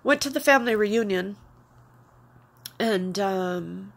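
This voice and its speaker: A woman's voice: medium pitch, takes it slowly, gravelly. A woman vlogger telling a personal story to camera in a confiding, rambling way, with many fillers, close to tears.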